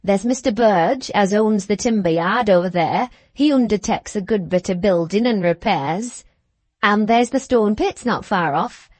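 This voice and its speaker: A woman's voice: medium pitch, measured pace, darkish tone, no echo, close to an everyday voice. A woman voicing a pompous, chatty male village innkeeper with a treble, wheezy voice and a mincing accent, reading a classic novel aloud. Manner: deferential, chatty, says "sir" often.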